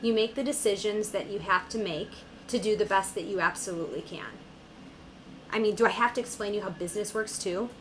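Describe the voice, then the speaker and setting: A woman's voice: medium pitch, brisk, a bit bright, a little hiss or hum, rough recording. A woman hosting a reaction video, talking back to a clip in a sarcastic, incredulous tone. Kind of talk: casual reaction commentary.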